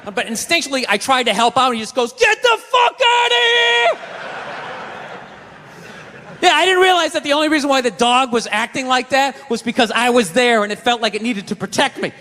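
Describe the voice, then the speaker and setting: A man doing stand-up comedy with a Boston accent, telling stories in a loud, ranting way on a stage. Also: extremely high pitch, fast talker, hardly any pauses. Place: comedy stage in a large venue. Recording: live stage recording with hall reverb.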